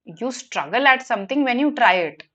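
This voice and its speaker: A woman's voice: on the high side, expressive, normal speed, bright, forceful tone, dull audio. A woman with an Indian English accent teaching a live online vocabulary lesson, explaining patiently and often checking in with the class. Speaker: online exam prep teacher.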